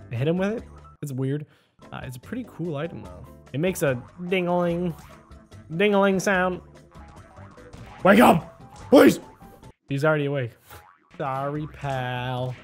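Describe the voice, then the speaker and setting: A man doing casual gameplay commentary, chatty and excitable, often talking to the character on screen. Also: on the high side. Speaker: gaming video host. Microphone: desk microphone.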